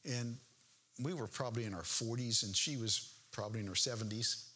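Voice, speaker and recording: An older male pastor delivers a folksy sermon, moving between reading scripture verses and making joking, homespun asides. His voice is bright and forward, with a husky, slightly rough edge. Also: on the low side, fast.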